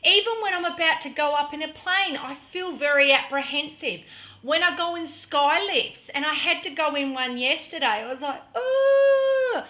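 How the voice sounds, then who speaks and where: A middle-aged woman vlogger telling a personal story in an earnest, dramatic way, sometimes dropping to a hush. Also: sits high, moderate pace. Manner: earnest, dramatic storytelling that drops to hushed tones.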